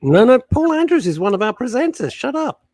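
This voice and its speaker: Teasing radio co-host, lively pitch. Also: male voice, no echo. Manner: teasing, jokey, quick to mock his co-host. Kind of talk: bantering radio chat. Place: home setup with a loud industrial fan behind him.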